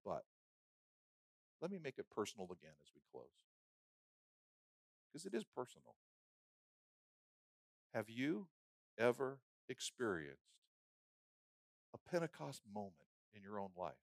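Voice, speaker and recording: A man preaching a sermon who builds phrases into rhythmic lists and drops from loud emphasis to a hushed, prayerful murmur. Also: lowish voice, sing-song, measured pace, vocal fry, long pauses, no room sound, clean studio sound.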